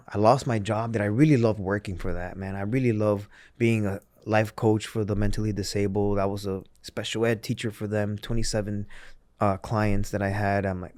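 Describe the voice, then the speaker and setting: A man with a lowish voice talks in a casual interview, telling his story earnestly and candidly as he often circles back and restarts his sentences. The sound is dry and close, with no room around it. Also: a little mellow, dry recording. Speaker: podcast guest, former pro wrestler.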